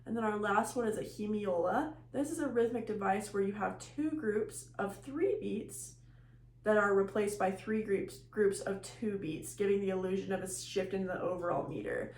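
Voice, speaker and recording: A woman's voice: medium pitch, normal speed, darkish tone. A woman giving a recorded music lecture, explaining rhythm terms plainly and counting beats aloud. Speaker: music teacher. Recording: echoey room with faint hum.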